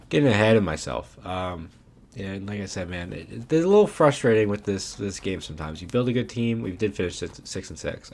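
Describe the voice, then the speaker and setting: A young man giving casual, animated commentary over his own video game footage, ranting and saying "man" often. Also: on the low side, creaky. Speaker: gaming YouTuber.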